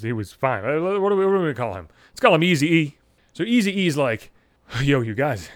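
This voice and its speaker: A man's voice: medium pitch, a bit bright, dry recording. A man telling a story as a vlogger in a profane, rambling comic rant, swearing constantly and repeating himself.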